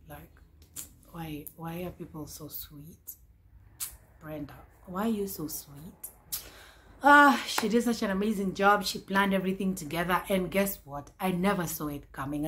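A young woman in her twenties talks straight to her camera in a casual, chatty vlog. Her voice is bright and on the low side, and she takes her time. She gets excitable and repeats phrases. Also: unhurried. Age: 20s. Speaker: vlogger.

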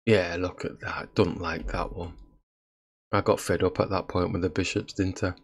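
A man's voice: deep voice, level tone, normal speed. A man giving casual commentary on his own chess game, laughing at his own blunders. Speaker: chess streamer.

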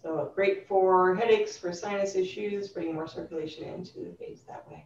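Yoga teacher, female, gentle and instructive, recorded live from a distance on a dull, slightly noisy track. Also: mid-range voice, moderate pace, reverberant. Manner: calm, gently instructive cueing. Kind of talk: guided chair yoga class.

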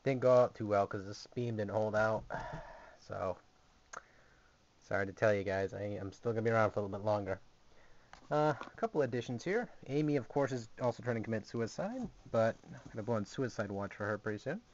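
A young male vlogger gives a rambling, jokey, sarcastic tour of his small gaming closet in a casual home video shot on a camera mic. His voice is on the low side, expressive and brisk, and the recording is muffled with slight background noise.

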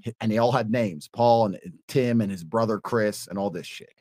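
A man telling a story as a podcast guest, swinging between low mutters and loud high bursts. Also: brisk, no room sound. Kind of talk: casual storytelling. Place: podcast studio. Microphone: studio mic.

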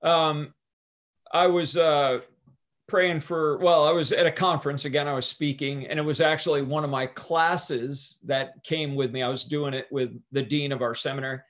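A pastor and guest speaker telling a story in an interview, earnestly retelling past conversations line by line. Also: male voice, fairly high pitch, fairly even intonation, normal speed, fairly bright tone.

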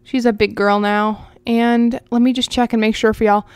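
A woman talks her viewers through a game in a loose, rambling way, often thinking out loud. Her voice sits a little high and sounds smooth and clear. The sound is close and dry, with no room echo. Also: little pitch movement, normal speed. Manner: chatty, rambling, talks to viewers as she plays. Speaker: gaming channel host. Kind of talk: casual gameplay commentary.

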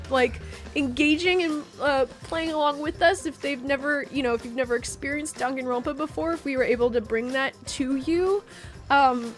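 A woman's voice: high voice, fairly bright tone. A woman co-hosting a game playthrough, rambling and gushing in casual chat with the odd swear word. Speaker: co-host of a gaming channel. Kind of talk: casual let's play chat.

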